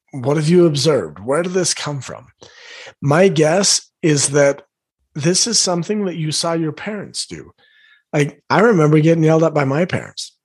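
Earnest husky-voiced parenting coach, man. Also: fairly high pitch. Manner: earnest, encouraging, invites listeners gently; clears throat now and then. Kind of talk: talking to parents about yelling.

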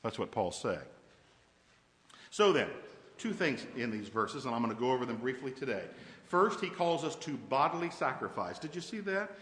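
A man's voice: mid-range voice, sing-song, moderate pace, a bit bright, reverberant, long reverb tail, poor audio. A male pastor preaching a conversational sermon, often asking his congregation questions. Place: church sanctuary.

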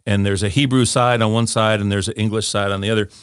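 A man's voice: fairly low pitch, fairly even intonation, fast, smooth, no room sound, studio quality. An older man giving an informal scripture teaching talk, eager and often restarting with repeated words as he explains. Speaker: Bible teacher.

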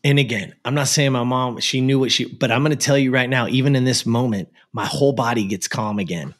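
An American man, appearing as an interview guest, tells a personal story in a mid-range voice at a brisk pace. He comes across as earnest and emphatic, sprinkling in lots of casual fillers like "like" and "you know."

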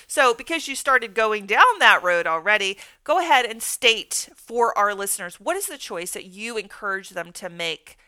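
A woman's voice: medium pitch, animated, normal speed, few pauses, pushed and bright, smooth, dry recording. A woman hosting a faith podcast, a counselor who speaks in a reflective, affirming way.

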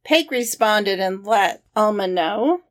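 A woman's voice: mid-range voice, expressive, slow pace. A woman co-hosting a podcast, reading out listener comments and reacting to them in a friendly way. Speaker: podcast co-host.

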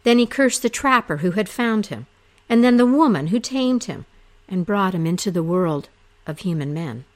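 A woman narrating an ancient myth aloud in a slow, expressive storytelling manner. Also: mid-range voice.

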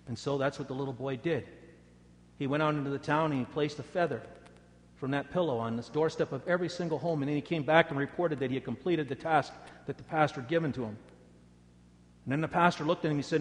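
A male pastor preaching a sermon, telling stories dramatically and dropping to a soft voice for prayer. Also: on the high side, a little fast, long reverb tail. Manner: dramatic storytelling, rising loud for quoted taunts, dropping soft for prayer.

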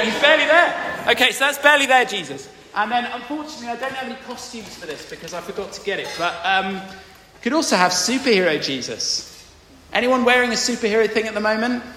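Playful posh English vicar leading a family sermon; bright tone, long church reverb. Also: male voice, high-pitched, slight background noise. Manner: playful, drawing in the congregation. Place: large church. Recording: echoey church hall.

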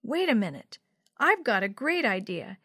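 A woman's voice: fairly high pitch, very animated, moderate pace, bright, forceful tone, slightly rough, dry recording, clean studio sound, heavily acted. A woman voicing an eager, anxious young girl who talks urgently.

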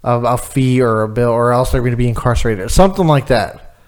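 Man, casual chat, storytelling, swears, mid pitch. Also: fairly quick. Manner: swearing, storytelling with quoted voices.

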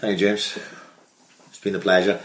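A man's voice: low voice, level tone, normal speed. Male host, blunt profane football chat, roomy echo on the voice. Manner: blunt, sweary, signs off the show. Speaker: podcast host. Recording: echoey room.

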